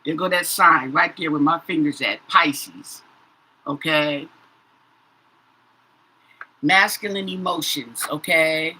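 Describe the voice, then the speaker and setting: A woman's voice: low-pitched, slow pace, pauses often, sharp tone, breathy edge, poor audio. Chatty woman reading tarot cards. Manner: says "okay?" after nearly every phrase, repeats herself. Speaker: tarot reader. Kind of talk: casual tarot reading to viewers.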